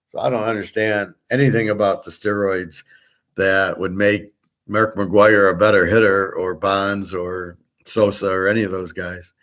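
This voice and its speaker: A man's voice: low voice, steady tone, unhurried, fairly bright tone. A middle-aged man hosting a show, talking bluntly and with swagger, swearing freely and answering viewers in a casual monologue. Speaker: show host.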